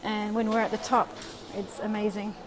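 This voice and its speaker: A woman livestreams from her phone, answering viewer comments as she walks outside and then climbs a stone stairwell. Her mid-range voice stays level at a moderate pace, and the handheld recording picks up noisy street and stairwell sound.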